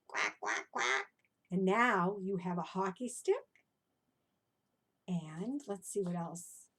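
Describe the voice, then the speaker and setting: A woman reading her own animal rhymes to young children, animated and encouraging, often stopping to ask the listener questions. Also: on the low side, slightly rough. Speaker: children's storyteller. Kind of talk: interactive storytelling for children.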